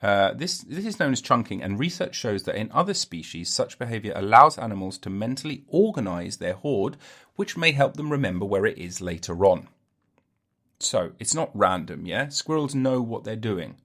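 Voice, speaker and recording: A man's voice: on the low side, very animated, moderate pace, fairly bright tone. Rambling, jokey man hosting a podcast. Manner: jokey, self-interrupting, laughs at own jokes. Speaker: podcast host. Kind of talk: rambling solo comedy podcast.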